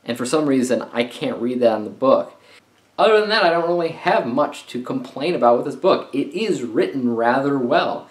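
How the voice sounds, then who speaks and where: A man's voice: mid-range voice, expressive, normal speed. A man giving a casual, conversational book review on his channel, talking freely with frequent filler sounds. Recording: roomy echo.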